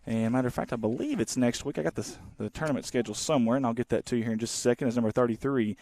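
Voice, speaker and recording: Thirty-something man calling softball. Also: mid-range voice, racing, few pauses. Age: 30s. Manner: casual, rambling, folksy. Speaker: sports webcaster. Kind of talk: live play-by-play commentary. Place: outdoors at a softball field.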